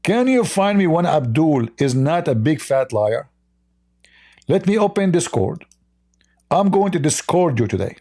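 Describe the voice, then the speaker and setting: A man's voice: a little high, animated, measured pace, warm tone. An aged man from the East, hosting a livestream in a sarcastic, mocking way. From Middle East. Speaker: livestream debate host. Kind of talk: casual livestream commentary.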